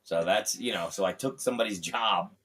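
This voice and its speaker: A man's voice: lowish voice, fairly quick, recorded from a distance, a little hiss or hum. A man, a guest comedian and voice actor, telling profane anecdotes in casual podcast talk. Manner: animated anecdote-teller, profane.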